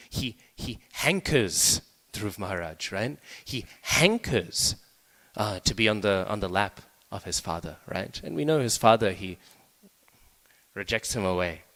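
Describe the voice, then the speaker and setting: A man's voice: fairly low pitch, a bit bright. Man in a reverberant temple hall. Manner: conversational, often asks "right?" to the listeners. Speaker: speaker giving a scripture class. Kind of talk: scripture class talk.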